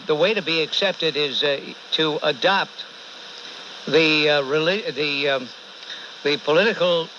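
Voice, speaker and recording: A man's voice: on the high side, bright, forceful tone. Man, radio talk show host, New York accent, sarcastic, blunt, dull hissy broadcast. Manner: blunt, insulting, sarcastic, hangs up on callers. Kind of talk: combative call-in radio talk.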